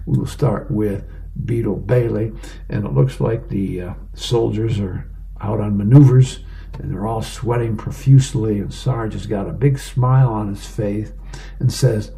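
A man reads the newspaper aloud for a radio reading service, unhurried and plain, with the odd aside and filler. His voice is gravelly with fry at the ends of phrases. The tone is dark and mellow. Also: on the low side. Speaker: volunteer newspaper reader.

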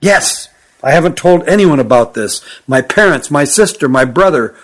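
A man's voice: a little high, expressive, normal speed. A man voicing an urgent, frightened young fugitive. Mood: secretive pleading. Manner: urgent, hushed, pleading. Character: sturdy young male creature, frightened, urgent and secretive. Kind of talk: audiobook character voice.

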